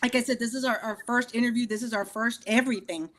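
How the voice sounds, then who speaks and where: Texas woman, guest on a radio show, chatty, laughs a lot, voice on the high side. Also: fairly even intonation, fast talker, a bit bright. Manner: chatty storyteller, laughs often. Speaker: guest musician. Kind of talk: casual radio interview chat.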